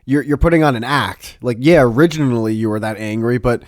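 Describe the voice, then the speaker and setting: A man hosting a podcast in casual chat, animated and quick to laugh, swearing freely. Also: mid-range voice, no room sound, clean studio sound. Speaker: podcast host.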